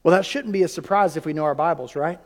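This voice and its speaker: High-voiced preacher in a reverberant church. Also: male voice, fast. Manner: teaching, quizzing the congregation with questions. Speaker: pastor. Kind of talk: sermon. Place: church sanctuary. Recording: long reverb of a church hall.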